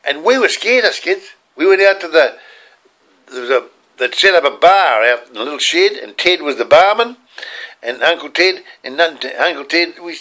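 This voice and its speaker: A man's voice: on the high side, lively intonation, normal speed, bright, forceful tone. An older man with an Australian accent, telling rambling, earnest stories from his childhood. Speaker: storyteller. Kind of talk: personal childhood storytelling.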